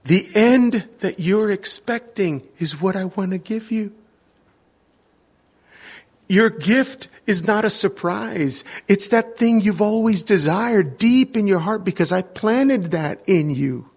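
A middle-aged man preaching a sermon, telling a story with lively acted-out moments and sudden shouts. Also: high-pitched, slow pace, husky. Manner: animated, acts out scenes with sudden shouts. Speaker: pastor.

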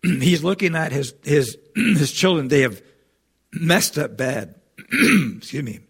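A man's voice: on the high side, sing-song, slow pace, husky. A man preaching a sermon, reading scripture with rising force and speaking earnestly with many restarts. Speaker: pastor.

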